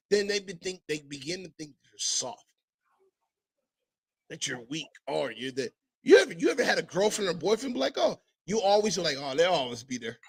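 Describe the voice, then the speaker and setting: High, bright-voiced animated man. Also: slightly rough. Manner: animated storytelling, profane, mimics others. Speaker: podcast host; father. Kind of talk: casual podcast chat.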